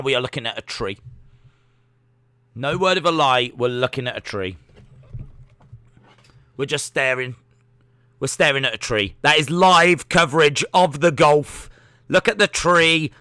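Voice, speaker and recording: Hosting a laid-back watch-along stream, a young man reads chat messages aloud and makes jokey, self-mocking asides. His mid-range voice is sharp, clear, and resonant, with no room sound.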